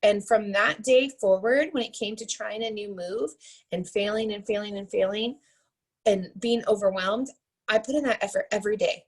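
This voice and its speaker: Woman in her 30s giving a motivational talk, husky tone, conversational and chatty. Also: mid-range voice, normal speed, poor audio. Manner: chatty, tags points with "right?" and "like". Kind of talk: motivational storytelling.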